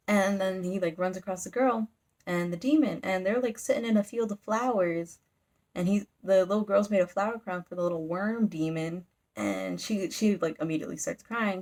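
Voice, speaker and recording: A woman's voice: lowish voice, a little fast, a little mellow. A young woman casually recapping a manga volume for her channel, rambling with lots of "like" and briefly acting out the characters' lines. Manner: rambling and chatty, full of "like" fillers; briefly dramatizes character lines mid-story. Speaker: YouTuber reviewing manga.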